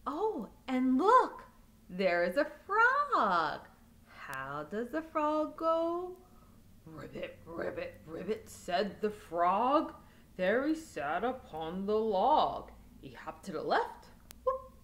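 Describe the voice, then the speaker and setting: A woman leading a toddler storytime, reading rhymes with sound effects and hushed asides. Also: on the high side, big pitch swings, slow. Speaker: storytime leader.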